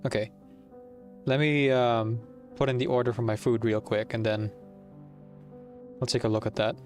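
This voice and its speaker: A man's voice: medium pitch, little pitch movement, moderate pace, soft background music. A man streaming a game, chatting casually in a rambling way and correcting himself as he goes. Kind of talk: casual chat while playing a game.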